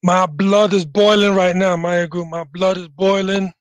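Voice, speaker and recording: A man's voice: high-pitched, level tone, measured pace, smooth, no room sound, rough recording. A man calling in to a talk show, indignant and emphatic about politics. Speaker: caller.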